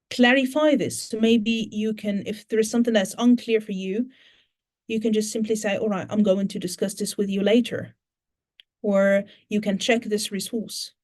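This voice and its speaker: A woman's voice: mid-range voice, darkish tone. A woman teacher trainer with a British English accent, answering audience questions at an online conference and explaining in steps, with many fillers and restarts.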